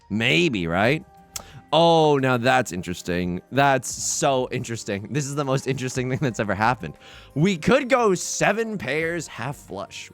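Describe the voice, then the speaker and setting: A man hosts a let's play, talking through his moves in a casual, animated way. His pitch swings widely as he jokes, restarts sentences and pokes fun at himself. Faint game music plays softly behind him. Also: vocal fry. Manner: animated, joking, quick restarts and self-mocking asides. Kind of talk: casual gameplay commentary.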